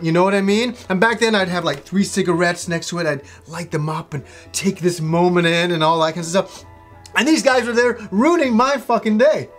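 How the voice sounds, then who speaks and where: A man in his thirties, co-hosting a casual chat, telling a story with animated, profane energy and frequent laughter. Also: sits high. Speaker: co-host.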